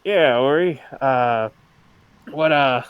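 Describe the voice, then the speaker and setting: A man voicing a hungover old male pirate cook who talks in a groggy, halting way. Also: medium pitch, clear, resonant tone, dry recording, dull audio, natural voice.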